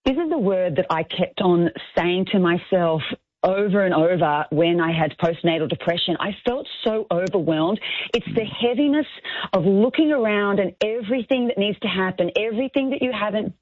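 A woman's voice: mid-range voice, normal speed, no echo. Woman motivating over a phone line. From Australia. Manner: earnest, encouraging, motivational. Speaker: author and speaker. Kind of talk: radio interview guest.

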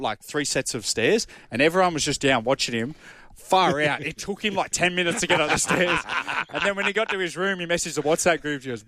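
An Australian man, a former rugby league player, telling lively, laughing anecdotes in casual radio chat. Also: a little high, dry recording, studio quality.

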